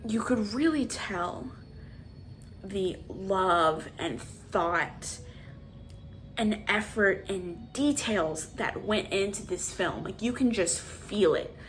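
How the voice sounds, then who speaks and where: A woman's voice: mid-range voice, slow, a little hiss or hum. Exasperated young woman ranting about films. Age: 20s. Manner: animated, exasperated rants. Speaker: vlogger. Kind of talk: casual movie review monologue.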